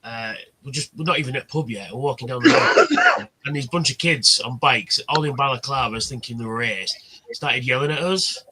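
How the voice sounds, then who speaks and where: A man's voice: medium pitch, normal speed, a crowd in the background. A man hosting a casual livestream chat, telling blunt stories and swearing freely. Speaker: livestream host.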